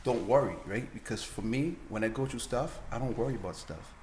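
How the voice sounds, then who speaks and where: Laid-back Jamaican barber. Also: male voice, medium pitch, fairly quick, darkish tone, a little hiss or hum. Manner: laid-back, repeats himself, keeps saying "you know what I'm saying". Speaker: barber guest. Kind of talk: casual chat.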